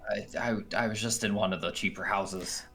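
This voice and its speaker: A man voicing an old, half-blind dwarf baker who talks like a pirate, halting and gruff. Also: fairly low pitch, fairly even intonation, fairly bright tone, soft background music. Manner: pirate-style drawl, halting.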